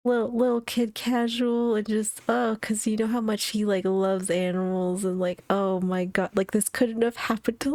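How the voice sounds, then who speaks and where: A woman's voice: mid-range voice, steady tone, normal speed, creaky, darkish tone, dry recording. Chatty young woman reacting, dry sound. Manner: chatty, many fillers, frequent laughs and gasps. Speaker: reaction streamer. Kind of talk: casual reaction commentary.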